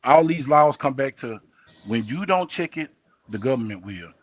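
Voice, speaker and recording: A man's voice: mid-range voice, normal speed, breathy edge. An older man hosting a casual live talk show, telling stories and acting out the dialogue of the people in them. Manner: animated storyteller acting out quoted dialogue. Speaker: host.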